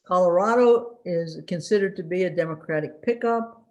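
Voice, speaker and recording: A woman giving an unscripted election briefing as a political commentator, halting often with fillers while recalling names and dropping dry, wry asides. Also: fairly low pitch, a little mellow, muffled recording.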